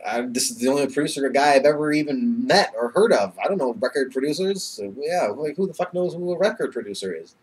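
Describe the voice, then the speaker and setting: A young man talks into his webcam for a casual vlog, his husky mid-range voice lively in intonation and brisk with few pauses. He rambles nervously and emotionally, swearing, using plenty of fillers and often bursting into laughter.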